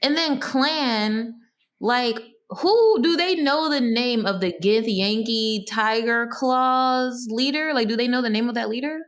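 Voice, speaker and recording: A woman's voice: fairly high pitch, a little slow. Curious, foul-mouthed woman player. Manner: casual, profane, puzzling things out aloud. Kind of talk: casual tabletop play.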